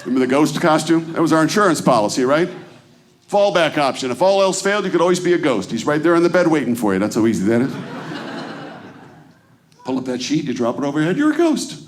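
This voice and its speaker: A man's voice: fairly high pitch, big pitch swings, quick pace. A man doing a stand-up routine on a club stage, chatting with and quizzing the audience. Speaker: stand-up comedian.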